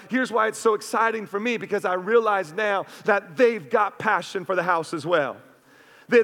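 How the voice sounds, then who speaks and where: A man's voice: high voice, gravelly, fairly bright tone. A man preaching a sermon as pastor, fervent, with frequent "man" fillers and "right?" tag questions. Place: church. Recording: long hall reverb.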